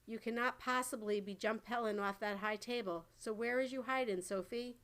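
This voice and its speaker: Kindly male giant, gentle, earnest, mixed-up grammar, storybook, read by a woman. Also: on the high side, moderate pace, lightly acted. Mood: coaxing.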